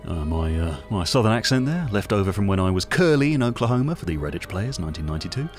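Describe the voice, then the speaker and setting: Gossipy, vain British radio host, played by a man, rambling asides with a wildly animated voice. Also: fairly low pitch, fast talker, soft background music. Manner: gossipy, rambling, self-regarding. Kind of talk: comedy radio monologue.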